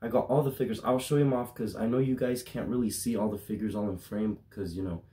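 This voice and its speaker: A young man telling a rambling, profane story about buying toys, his voice raspy and his telling casual, getting loud and excited as it goes. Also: fairly low pitch, fast. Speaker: toy collector vlogger.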